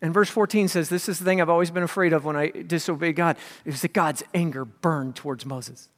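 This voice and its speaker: A man preaching a sermon as pastor, swinging from loud emphasis to hushed whispers. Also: fairly high pitch, a little fast. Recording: long hall reverb.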